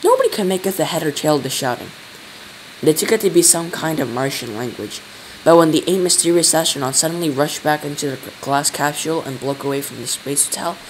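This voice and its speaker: A man reading a children's book aloud in a steady way, with small slips. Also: medium pitch, background noise. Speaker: storyteller.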